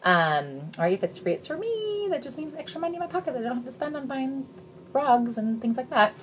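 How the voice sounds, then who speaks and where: A woman in her thirties giving a casual, chatty sales pitch straight to her viewers, bubbly and jokey. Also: sing-song, a little fast, slight background noise. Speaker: direct sales consultant.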